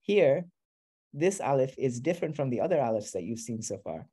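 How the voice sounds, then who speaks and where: A man's voice: mid-range voice, very animated, a little fast, dark tone, husky. A man teaching a beginner class, explaining patiently step by step. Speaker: Arabic teacher.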